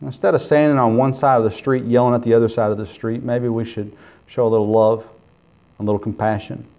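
A man preaching a sermon as pastor, earnest, swinging between loud emphasis and quiet, intimate asides. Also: mid-range voice, level tone, a little fast. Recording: dull lo-fi sermon recording.

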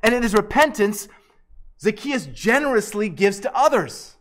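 High-voiced earnest male preacher. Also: very animated, normal speed, fairly bright tone. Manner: earnest, emphatic, frequent restarts and repeated words. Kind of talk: expository sermon.

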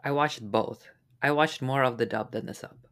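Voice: mid-range voice, normal speed, fairly bright tone, clear, resonant tone. A co-host in casual chat, blunt and teasing, with a sarcastic edge.

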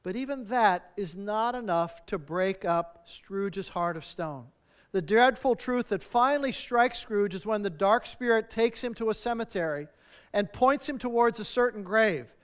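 A male pastor delivering a sermon in a high, smooth and clear voice. He speaks earnestly and stacks up rhetorical questions, letting his phrase endings fall soft. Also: measured pace.

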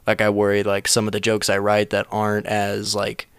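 A man's voice: fairly low pitch, monotone, normal speed, gravelly, smooth, no room sound, studio quality. A man who writes comedy, hosting a casual chat, rambling through stories and laughing at his own jokes. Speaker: comedian and podcast host.

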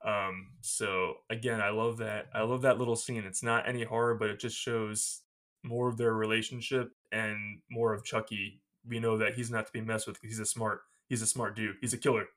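On a podcast, a male co-host walks through a film's plot in easygoing conversation, often laughing. His voice sits on the low side and is fairly bright, with a flat delivery at a moderate pace.

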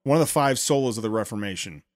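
A man hosting a podcast, giving sarcastic commentary on a played speech with quick asides and restarts. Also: lowish voice, lively intonation, no room sound, clean studio sound. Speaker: podcast host.

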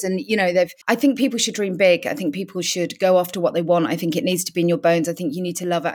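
A woman from North Wales, a tired actress guest on an interview podcast, talking candidly and going off on tangents with self-deprecating asides. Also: medium pitch. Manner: reflective, rambling, self-deprecating.

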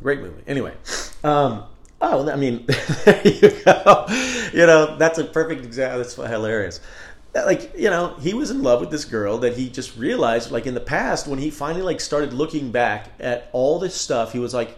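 A man's voice: medium pitch, animated, normal speed. A man hosting a casual solo podcast, talking in a rambling, candid and profane way. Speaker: podcast host. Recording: roomy echo.

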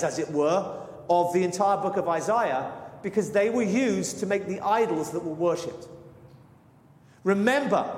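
Male preacher, high voice, earnest and explanatory, reverberant church room. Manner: explanatory, earnest, with self-corrections. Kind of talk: expository sermon. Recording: reverberant hall.

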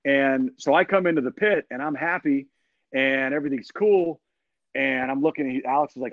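A man's voice: medium pitch, moderate pace, no room sound. A man guest on a podcast, telling a story energetically in laid-back slang with frequent restarts. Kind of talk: animated storytelling. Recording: dull, dry lo-fi sound.

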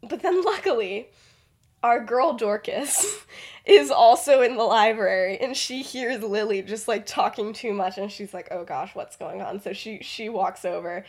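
A young adult woman hosts a podcast and tells a story in a chatty, rambling way packed with fillers. Her voice is on the high side and unhurried.

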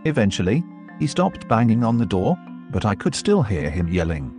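A man's voice: lowish voice, huge pitch swings, normal speed, darkish tone. A man narrating a first-person horror story and voicing its dialogue. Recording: faint music underneath.

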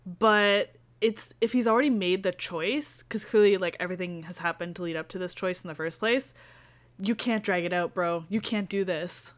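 A woman's voice: on the low side, moderate pace. A young woman in a casual book chat, talking thoughtfully and rambling with many fillers. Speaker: co-host.

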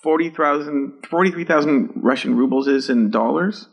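A man's voice: a little high, moderate pace, gravelly, husky. A man co-hosting a podcast, firing off questions and teasing jokes in casual chat. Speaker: podcast co-host.

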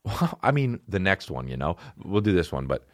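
A man's voice: sits low, sing-song, moderate pace, no echo, studio quality. A young man co-hosting a casual comedy podcast, reading personal ads aloud and mocking them in a crude, incredulous way. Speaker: podcast co-host.

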